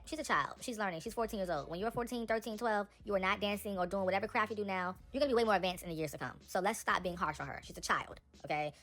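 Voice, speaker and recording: A young woman giving casual, animated celebrity gossip commentary, talking straight to her viewers. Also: medium pitch, quick pace, soft background music.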